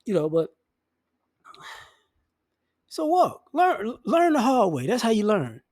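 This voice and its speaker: A man delivering a blunt, profane, mocking rant in a casual monologue, now and then mimicking the people he mocks in high voices. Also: huge pitch swings, slow pace, darkish tone, no echo, clean studio sound. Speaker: commentary vlogger.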